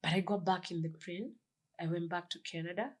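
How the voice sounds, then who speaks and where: Animated middle-aged woman telling a personal story. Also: on the low side, fairly quick. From Kenya. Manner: animated storyteller, repeats phrases, swings from loud to hushed. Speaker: guest. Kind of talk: storytelling in a casual interview.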